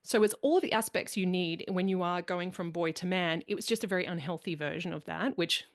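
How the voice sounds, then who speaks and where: A woman's voice: lowish voice, a little fast. A woman hosting a podcast in casual conversation, talking animatedly and acting out the people she quotes. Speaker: podcast host.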